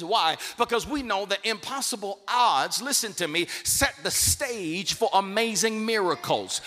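High-pitched, ringing preacher in a hall. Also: male voice. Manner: emphatic, rising to shouted declarations. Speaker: bishop, guest preacher. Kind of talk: sermon. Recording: long reverb of a large hall.

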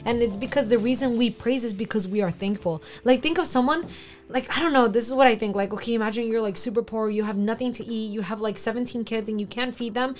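Chatty woman musing on faith, high voice. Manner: chatty, fast, lots of "like", self-deprecating. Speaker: co-host. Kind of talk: casual faith discussion.

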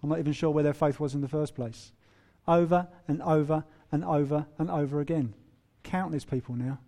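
A man preaching a sermon in a humorous, animated way, acting out quoted voices. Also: a little high, fairly quick. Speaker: pastor.

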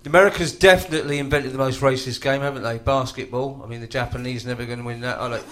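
A man delivering deadpan one-liners on a comedy panel in a live club. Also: medium pitch, fast talker, noisy background. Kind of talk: live stand-up banter.

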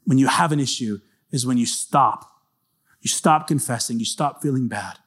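A man's voice: mid-range voice, normal speed, fairly bright tone. A male pastor giving a casual, earnest sermon in a conversational way. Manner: casual, earnest, acts out short quoted lines.

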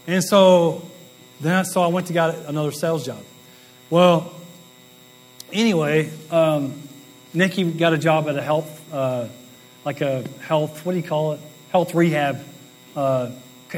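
Southern man, late 40s, guest speaker; high, chatty and self-mocking, light hum behind. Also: poor audio. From Southern United States. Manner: rambling, folksy and self-deprecating, with asides and laughs. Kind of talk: storytelling talk to an audience.

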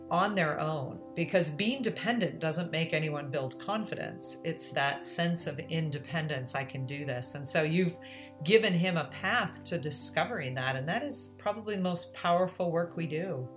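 A woman hosting an education podcast, speaking in an earnest, reflective way. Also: low-pitched. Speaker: podcast host. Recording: music bed under voice.

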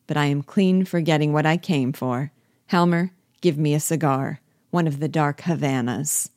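Doctor Rank read by a woman, wry and measured. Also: deep voice, a little mellow, no room sound, clean studio sound, lightly acted. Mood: resigned. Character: Doctor Rank, an ironic, dying family friend.

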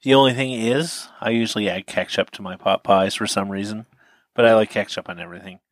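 A podcast co-host chatting casually about food, relaxed and quick to laugh, giving short replies. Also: mid-range voice, no room sound. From Canada. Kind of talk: casual food-tasting chat.

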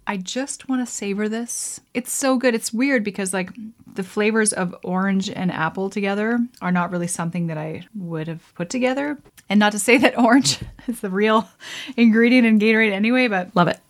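A woman's voice: medium pitch, brisk. A young woman from Canada hosting a casual solo podcast, chatty and giggly, laughing at herself as she talks. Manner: chatty, giggly, self-deprecating. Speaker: podcast host.

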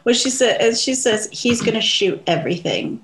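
A woman's voice: fairly high pitch, sing-song, normal speed, a crowd in the background. A woman with a mid-range voice chatting casually as co-host of a TV recap. She quotes lines from the show and adds her own comments on them. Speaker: podcast co-host. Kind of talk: casual chat.

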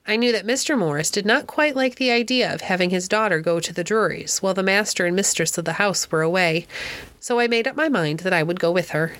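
A woman narrating a classic novel as an audiobook in a clear, steady storytelling voice. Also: mid-range voice, brisk, dry recording.

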